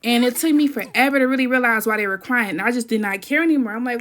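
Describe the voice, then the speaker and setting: Recorded on an iPad, a woman who hosts a gaming channel rambles chattily through a casual voice-over for her gameplay video. She speaks fast with a slightly bright voice, calls her viewers "y'all," and mentions that she usually talks low.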